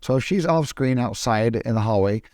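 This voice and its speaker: A man explaining film production in a casual, screen-recorded tutorial, often pausing and restarting his sentences. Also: medium pitch, a little mellow, no echo, studio quality. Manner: hesitant, with frequent restarts.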